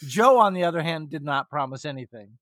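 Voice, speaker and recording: A man's voice: a little high, lively intonation, fairly quick, a bit bright, dry recording, studio quality. A man from South Dakota hosting an interview, joking and self-deprecating. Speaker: podcast host. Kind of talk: casual interview chat.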